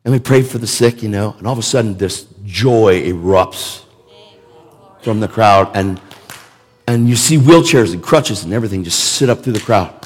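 A man's voice: on the low side, normal speed, husky. A man preaching a sermon in an emphatic, conversational way, repeating words for emphasis. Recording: long reverb of a large hall.

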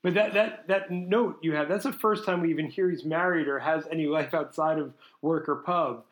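A man's voice: on the high side, moderate pace. A man co-hosting a casual book discussion podcast. He sounds agreeable and conversational and reasons his points out aloud. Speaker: podcast co-host. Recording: roomy echo.

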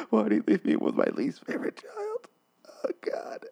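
Guy doing a wrecked dad voice, cracks high into sobs then drops to a whisper. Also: animated, a little fast, close to an everyday voice. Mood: sobbing, whispered. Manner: swings from mock cheer to sobbing whispers. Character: grieving sitcom dad, sobbing and unhinged.

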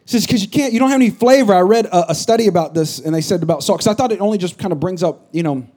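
High-voiced joking pastor preaching. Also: male voice, very fast, warm tone. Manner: conversational, joking preacher with rising emphatic bursts. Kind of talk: sermon.

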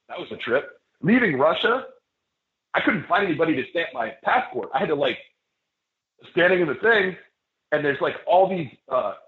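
A man, a wrestler guest on a casual podcast, telling a long rambling story with many fillers and restarts. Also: on the high side. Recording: echoey, phone-like lo-fi sound.

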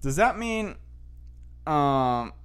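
A man's voice: a little high, very animated, extremely slow, clean tone. A man hosting a casual show, rambling through news headlines with lots of fillers and restarts.

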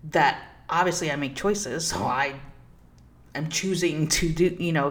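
Low-pitched female host, earnest and reflective, for a spiritual self-help monologue. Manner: earnest, reflective, laughs between phrases. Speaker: spiritual coach and podcast host. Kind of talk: personal storytelling monologue.

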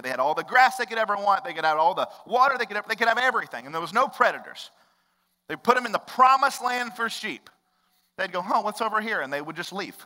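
Bright-voiced preacher man in a reverberant hall. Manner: conversational, swings between loud bursts and hushed low lines. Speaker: pastor. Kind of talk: sermon.

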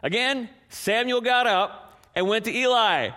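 A man preaching a sermon as pastor, animated and acting out the scripture voices, dropping to a soft hush for prayer. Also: extremely high pitch, a little slow.

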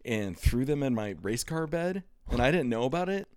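A male podcast host chats casually and tells animated, profane stories, jumping into the voices of the people in them. His pitch sits mid-range for a man, and the sound is dry and close with no room echo. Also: moderate pace, clear, resonant tone. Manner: animated storytelling, swearing, acts out voices. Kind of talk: casual comedy podcast chat.

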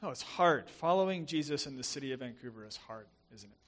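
A young adult man with a softened Southern American accent, preaching as a guest pastor in a chatty, self-deprecating way with many fillers and restarts. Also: medium pitch, expressive, quick pace. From southern United States. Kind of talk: sermon.

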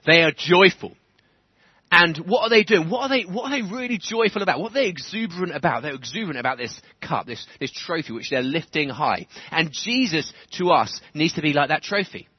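A man preaching a sermon in church, animated, chuckling often and building to fervent emphasis. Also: a little high, fairly quick, breathy edge, no room sound. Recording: dull lo-fi church recording.

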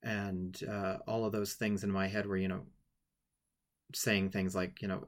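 A man telling a personal story with many halting restarts, tearful at times, then guiding listeners through a writing exercise. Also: on the low side, steady tone. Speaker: writing workshop leader.

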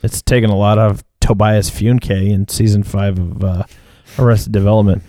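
A man in casual comedic chat, rambling through an anecdote and dropping deadpan quips. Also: on the low side, moderate pace, dry recording, clean studio sound. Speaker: co-host.

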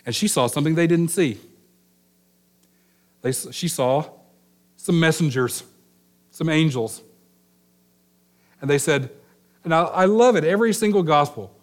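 A man's voice: on the high side, normal speed, pauses often. A middle-aged male pastor preaching a sermon in a conversational storytelling manner, voicing the people in the story. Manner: conversational storytelling, acts out quoted lines.

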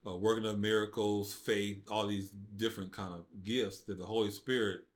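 On a podcast, an American man tells the story of his faith in a casual, conversational way at a moderate pace. His informal talk skips verbs here and there, and he dramatizes quotes with wide swings in pitch.

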